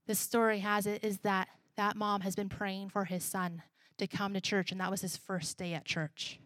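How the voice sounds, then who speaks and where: A woman pastor preaching a sermon, driving a repeated refrain home, moving from emphatic to soft and intimate. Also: medium pitch, fairly even intonation, normal speed, no room sound, studio quality.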